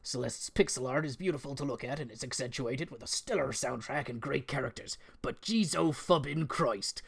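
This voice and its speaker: A man's voice: medium pitch, moderate pace, creaky, slightly rough. A man putting on a hammy West Country reviewer. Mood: mock-grand. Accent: put-on West Country. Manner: amused, stumbling over mild fake swears. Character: absent male co-host read aloud, mock American-turned-West Country. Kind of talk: reading a comic games review script.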